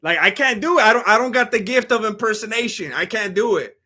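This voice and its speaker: A man with a noticeably high voice chats casually on a live stream. He rambles, restarts his thoughts and pokes fun at himself in an easygoing, unhurried way. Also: lively intonation, sharp tone. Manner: rambling, self-deprecating, laid-back.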